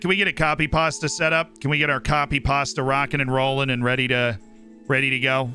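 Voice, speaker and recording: A man's voice: mid-range voice, vocal fry, pushed and bright. A man streamer giving casual, upbeat commentary on his game and thanking viewers by name. He is tired and his voice is starting to go.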